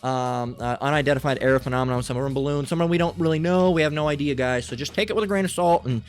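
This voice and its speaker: Over faint background music, a man with a smooth, somewhat high voice talks fast through an informal Bible teaching. He rambles, swears freely, uses plenty of filler and often mocks people along the way.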